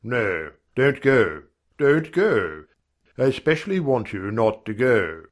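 A man voicing a frantic, cornered gentleman. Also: fairly low pitch, takes it slowly. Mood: pleading. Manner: urgent, emphatic and pleading. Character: agitated middle-aged male gentleman, ex-army major, cornered.

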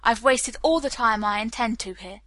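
A woman's voice: a little high, moderate pace, a bit bright, no echo, natural voice. A woman voicing an angry male police captain who presses hard with blunt, demanding questions. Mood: stern.

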